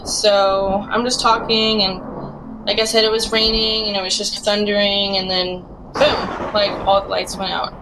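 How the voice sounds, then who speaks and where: A woman calling in to share her true ghost story, speaking in a casual, rambling way full of "like" fillers, with animated bursts as she relives it. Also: unhurried, background noise. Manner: rambling, heavy use of "like" fillers; animated retelling with bursts of rising pitch. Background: faint music bed.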